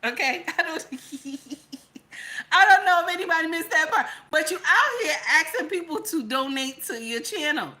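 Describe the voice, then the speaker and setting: A middle-aged woman hosts a commentary channel, preaching to viewers and repeating her points, going from loud to hushed. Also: very high-pitched, expressive, brisk, few pauses.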